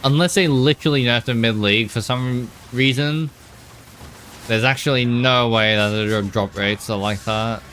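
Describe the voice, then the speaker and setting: A man's voice: mid-range voice, normal speed, fairly bright tone, a little hiss or hum. A man streaming a video game, sleepy and rambling, with lots of fillers and the odd curse. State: drowsy. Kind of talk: casual live-stream commentary.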